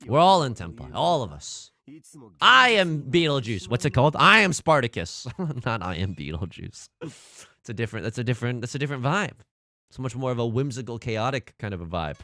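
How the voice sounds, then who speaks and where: A man's voice: medium pitch, fairly quick. A man streaming a game, chatting casually and jokingly, repeating himself and putting on mock outrage. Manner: animated, jokey, repeats phrases, mock outrage. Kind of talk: casual livestream gameplay commentary.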